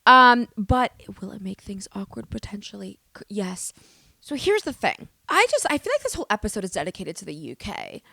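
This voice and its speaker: A young woman from the United States, hosting a podcast and telling stories in a loud, animated, swearing way. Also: mid-range voice, fairly quick, creaky, dry recording, clean studio sound. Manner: animated, swearing, exaggerated storytelling. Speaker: podcast host. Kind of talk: casual storytelling monologue.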